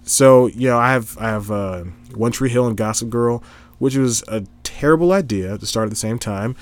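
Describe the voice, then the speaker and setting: A man's voice: medium pitch, moderate pace. A young man in casual solo talk, rambling and correcting himself, recorded on a laptop microphone at home. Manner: rambling, self-correcting, chatty. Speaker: vlogger.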